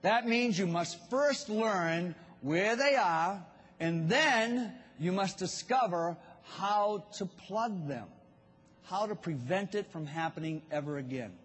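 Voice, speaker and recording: A Boston-accented man delivers a motivational business talk, speaking slowly and addressing the crowd directly. His voice sits high and carries a husky edge. The sound rings with the long reverb of a large event hall. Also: expressive, a bit bright. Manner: storytelling, addresses audience directly.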